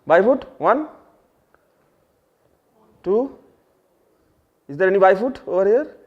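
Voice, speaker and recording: This clip, a dull lo-fi classroom recording, features a high-voiced man with an Indian English accent teaching English very animatedly and slowly. He switches to Hindi to explain words, quizzes the class, and repeats key phrases.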